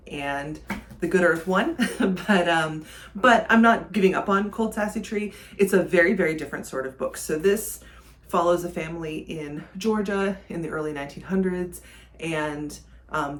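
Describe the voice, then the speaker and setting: A woman's voice: deep voice, a little hiss or hum. A woman chatting casually in a book vlog, thinking aloud with frequent ums. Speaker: book vlogger. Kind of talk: casual reading vlog chat.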